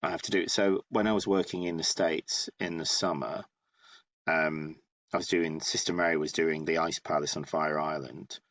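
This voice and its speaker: A man of around fifty from northeast England, telling a story in a casual, animated interview as a guest playwright. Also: very deep voice, moderate pace, no room sound. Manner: animated, chatty, many restarts.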